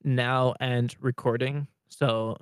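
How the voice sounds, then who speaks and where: A young man from Saskatchewan in Canada hosting a casual podcast chat, halting and full of fillers, often laughing. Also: medium pitch, steady tone, smooth, no room sound, studio quality. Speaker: podcast host. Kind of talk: casual podcast chat over video call.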